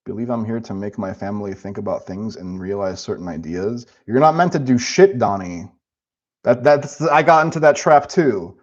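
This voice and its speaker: Man, live streamer, casual spiritual chat, profane, rambling, animated, dull muffled sound. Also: on the low side, normal speed.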